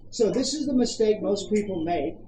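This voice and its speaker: Australian dog trainer, firm quick commands, recorded from afar with a noisy outdoor background. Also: mid-range voice, animated, dark tone. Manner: brisk commands mixed with coaching questions. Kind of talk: hands-on dog training coaching. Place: outdoors at a campground. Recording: echoey, distant, noisy outdoor ambience.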